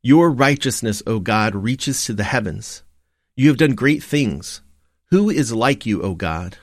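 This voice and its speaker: A man reading morning prayer and scripture aloud in a measured, steady recitation. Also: mid-range voice, no room sound, studio quality. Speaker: liturgy reader.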